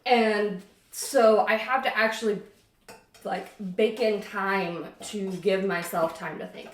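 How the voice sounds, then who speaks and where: A woman's voice: medium pitch, fairly even intonation, slow pace, echoey room. A woman, the host's sister, chatting casually in a home kitchen. She rambles and laughs often. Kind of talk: casual chat.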